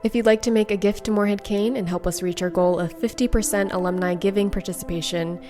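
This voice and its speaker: A woman's voice: mid-range voice, fairly even intonation, fast talker, warm tone, faint music behind. Woman hosting a podcast, reading her script. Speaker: podcast host. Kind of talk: scripted podcast intro and outro.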